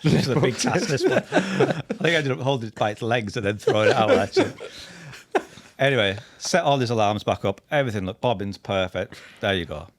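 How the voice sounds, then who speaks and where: A man with a husky voice, a podcast guest telling funny stories in a lively, laughing way, acting out what other people said. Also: mid-range voice, brisk. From England. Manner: animated, laughing anecdotes with acted-out quotes. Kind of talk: storytelling chat.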